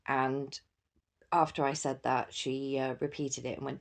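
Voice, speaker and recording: A woman's voice: a bass voice, little pitch movement, measured pace, gravelly. A young woman hosting a podcast, chatting casually with lots of fillers and frequent laughter. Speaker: podcast host. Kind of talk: casual solo chat.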